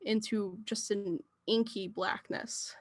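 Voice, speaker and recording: A woman's voice: medium pitch, steady tone, takes it slowly. A woman narrating a tabletop role-playing game as game master, with hesitant phrasing and frequent fillers.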